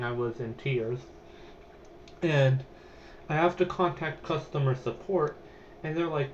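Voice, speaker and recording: A man's voice: medium pitch, darkish tone, lo-fi sound, slight background noise. A young man hosting a podcast, telling a personal story in a chatty, rambling way with lots of fillers. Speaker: podcast host.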